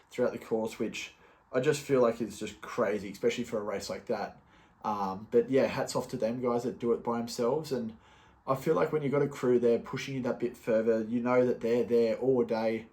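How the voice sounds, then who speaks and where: A man's voice: medium pitch, a little mellow. A young man talking casually on his solo podcast, loose and chatty, with many fillers and restarts. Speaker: podcast host.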